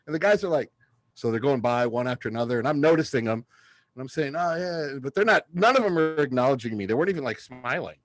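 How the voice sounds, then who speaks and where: A man in his fifties from southern California, co-hosting a casual sports podcast and telling stories with excitement. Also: mid-range voice, quick pace, dry recording. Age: 50s. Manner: excitable storyteller, acts out quotes loudly. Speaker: podcast co-host.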